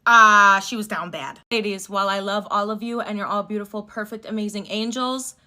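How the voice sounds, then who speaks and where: A woman's voice: medium pitch, fairly even intonation, a little fast, pushed and bright. A woman telling a casual story, chatty and candid, talking straight to her viewers. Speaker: social media storyteller.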